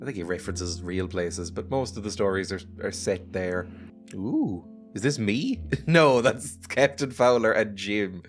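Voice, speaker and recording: A let's play gamer with a fairly low voice and lively intonation chats casually and unhurriedly while playing a game. Chatty and jokey, he laughs often, with music playing in the background.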